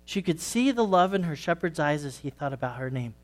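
A man, a pastor, reading a story to the children during a church service, in a gentle storytelling manner. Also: a little high, lively intonation, a little fast.

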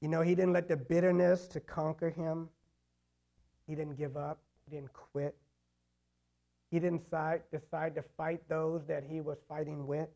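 A man's voice: a little high, level tone, unhurried, vocal fry, dark tone. A man preaching a sermon in a conversational way, full of "you know" fillers and repeated phrases. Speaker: pastor.

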